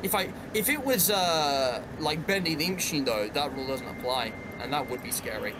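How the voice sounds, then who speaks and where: A man's voice: on the high side, lively intonation, normal speed, background noise. A teenage boy hosting a gameplay stream, chatting casually with a co-host and rambling with many fillers. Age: teens. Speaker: gaming channel host.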